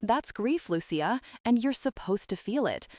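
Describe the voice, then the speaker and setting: A woman reading a gentle young woman in an audiobook, speaking softly and earnestly to comfort a grieving girl. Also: on the high side, lively intonation, measured pace, no echo, clean studio sound.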